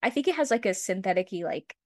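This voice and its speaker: A woman's voice: mid-range voice, animated, quick pace, darkish tone, no echo, clean studio sound. A young woman co-hosting a podcast, retelling a story in casual chat, full of "like" fillers and the odd swear word. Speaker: podcast co-host.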